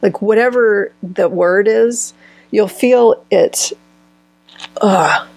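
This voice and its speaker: A woman with a gravelly, slightly breathy voice talks as a guest healer in an interview. She feels her way through ideas, restarting phrases as she thinks. The sound is dry and close. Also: medium pitch, drawn-out words, darkish tone, dry recording. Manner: searching, restarts phrases mid-thought. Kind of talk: conversational interview answers.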